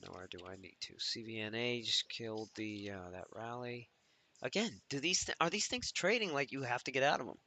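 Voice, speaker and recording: A man's voice: medium pitch, fairly quick, pushed and bright. A man hosting a live trading stream, thinking aloud and swearing as he mutters to himself.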